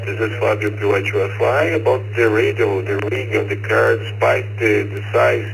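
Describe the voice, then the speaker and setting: A man checks into a radio net, speaking careful, halting English. His voice is low and gravelly, with faint hiss on the radio signal. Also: fairly even intonation, rough recording. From Brazil. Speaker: net caller.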